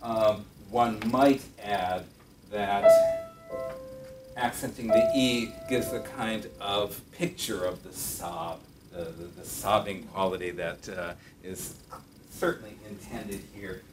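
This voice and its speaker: A middle-aged music professor speaks slowly in a voice on the low side. Lecturing thoughtfully in a piano classroom, he uses many fillers and corrects himself often, and the recording sounds roomy and distant.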